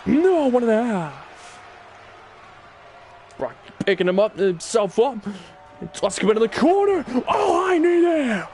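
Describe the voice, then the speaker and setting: A man doing excitable play-by-play commentary on a wrestling video game, often breaking into shouted exclamations. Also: extremely high pitch, unhurried, pauses often. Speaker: gaming channel host.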